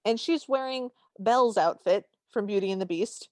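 A woman's voice: medium pitch, moderate pace, darkish tone, no room sound. A woman with a middle-range voice co-hosts a casual podcast and narrates the scenes of a film with wry humor and frequent laughs. The recording is close and dry. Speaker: podcast co-host. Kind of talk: casual chat recapping a film.

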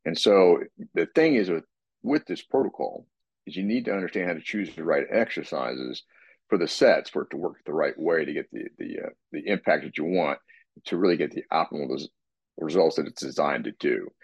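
A man with a very deep, husky voice talks in a relaxed, rambling way, often restarting his sentences as he explains things. The sound is dry and a bit dull, like a lo-fi recording. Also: brisk, dry recording. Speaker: co-host, fitness expert. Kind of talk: casual podcast chat.

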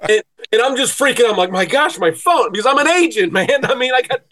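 High-voiced animated man telling stories. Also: quick pace, crowd noise, low-quality recording. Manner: animated storyteller, laughs often. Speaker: sports agent. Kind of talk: casual chat.

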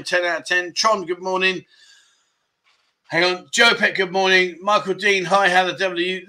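A man's voice: on the high side, pushed and bright. A man hosting a casual livestream, cheerfully greeting viewers one by one and chuckling often. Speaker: livestream host. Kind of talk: casual livestream chat reading comments.

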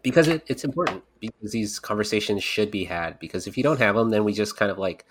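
A man's voice: on the low side, fast, noisy background. A man co-hosting a casual podcast, talking in a rambling, candid way with casual swearing. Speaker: podcast co-creator and host.

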